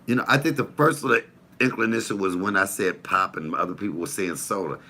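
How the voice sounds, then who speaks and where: A man talks loosely to his viewers. His voice sits deep yet comes out bright and forceful. He tells animated stories full of cussing and teasing asides. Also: brisk. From Detroit, USA. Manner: animated, swearing storyteller with playful asides. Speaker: comedian hosting a live chat show. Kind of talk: casual chat to viewers.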